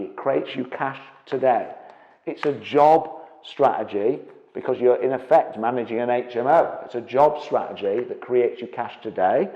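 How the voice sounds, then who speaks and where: A man giving an energetic seminar presentation as a property investment trainer, often checking in with the audience. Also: medium pitch. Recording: dull, echoey hall with long reverb.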